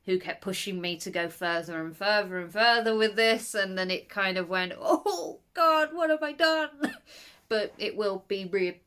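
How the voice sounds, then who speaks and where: In a relaxed video book review, she rambles in an animated way, letting out nervous laughter and abrupt, high-pitched exclamations.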